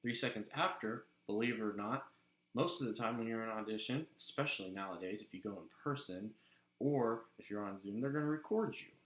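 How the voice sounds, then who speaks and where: A young male host gives casual voiceover tips in an upbeat, coaching way. His voice is fairly low and a bit echoey, as if recorded in a bare room. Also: brisk. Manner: upbeat and instructive, with sudden shifts in loudness. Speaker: voice actor and channel host. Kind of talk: casual acting tips talk. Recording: roomy echo.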